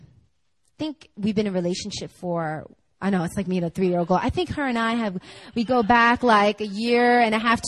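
A young adult woman preaching a conversational sermon, telling stories in a chatty, animated way full of "like" and laughter. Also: a little high, no room sound, rough recording.

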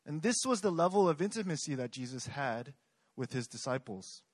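A man's voice: fairly high pitch, animated, brisk, husky, no echo. Young man preaching a casual sermon. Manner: conversational, asks the audience questions.

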